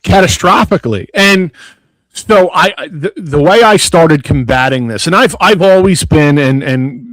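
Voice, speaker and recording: A man's voice: a little high, lively intonation, unhurried, fairly bright tone, no echo, rough recording. A man from South Philadelphia with a Philadelphia accent, hosting a casual panel talk and speaking earnestly with many restarts. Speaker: podcast host.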